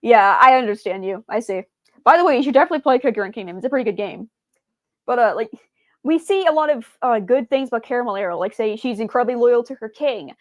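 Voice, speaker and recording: Rambling woman streamer, slightly high voice. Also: expressive, quick pace, no echo, studio quality. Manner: rambling, with many fillers and restarts; stumbles over words. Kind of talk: casual stream chat.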